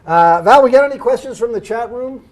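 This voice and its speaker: A man's voice: very high voice, lively intonation, a little fast. A male host running a live web game show, making quippy wry asides.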